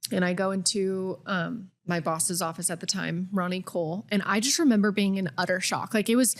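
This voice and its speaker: A woman's voice: medium pitch, fairly even intonation, brisk. A woman in her twenties, a podcast co-host, telling a personal story candidly with lots of "like.". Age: 20s. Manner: candid, filler-heavy with frequent "like".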